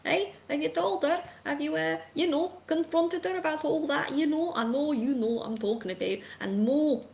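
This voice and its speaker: A woman's voice: high-pitched, normal speed, creaky, few pauses, a little mellow, slight background noise, voice pushed up. A woman voicing a spiteful spectral father figure who berates his children, with a put-on British accent. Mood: berating. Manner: sneering, berating, scornful.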